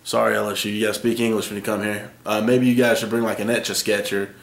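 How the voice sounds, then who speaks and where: A man's voice: lowish voice, level tone, fast talker, gravelly, echoey room, pitched below the performer's own voice. A man playing a brash college football coach, mocking a rival coach in a comedic impression. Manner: mocking, trash-talking.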